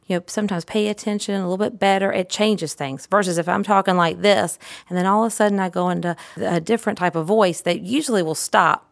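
A middle-aged woman, a pediatric therapist, giving an instructional talk in a lively, demonstrative, emphatic way. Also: mid-range voice, fast, vocal fry, hardly any pauses, no room sound, studio quality.

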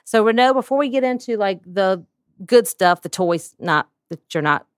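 A woman's voice: medium pitch, animated, moderate pace, clean tone, dry recording. Female podcast host, Southern US accent, chatty and upbeat, dry close recording. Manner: chatty and upbeat, laughs often. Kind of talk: podcast interview.

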